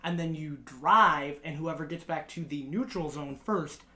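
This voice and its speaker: A young man co-hosting a podcast, telling profane high school stories in a casual, laughing way and acting out what others said. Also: measured pace, pushed and bright. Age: young adult. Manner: profane, laughing anecdotes with acted-out quotes. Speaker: podcast co-host. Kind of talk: casual storytelling chat.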